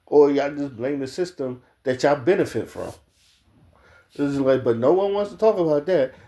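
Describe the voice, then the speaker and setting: Blunt, mellow-voiced man ranting to camera. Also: a little high, expressive, normal speed. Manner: blunt and profane, with frequent restarts and filler "like"; speaks straight to the viewers. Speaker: video commentator. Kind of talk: casual opinion commentary.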